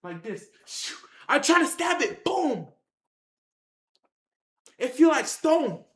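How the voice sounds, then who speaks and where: A high-voiced storyteller spins a wild adventure for the viewers, full of slang and constant filler. The voice bounces off the walls of an echoey room as they shout out sound effects and repeat lines for emphasis. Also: takes it slowly. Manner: excited, acts out the action with sound effects and shouts. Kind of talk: animated tall-tale storytelling to viewers.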